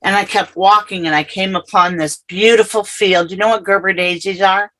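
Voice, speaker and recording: A middle-aged woman telling her personal story as an interview guest, earnest and halting, often repeating herself. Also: medium pitch, steady tone, a bit bright, a little hiss or hum, low-quality recording.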